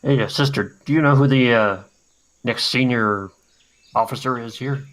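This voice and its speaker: A man's voice: medium pitch, normal speed, fairly bright tone. A man playing in an online tabletop game, thinking aloud hesitantly with many fillers. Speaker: player. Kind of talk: casual online game chat.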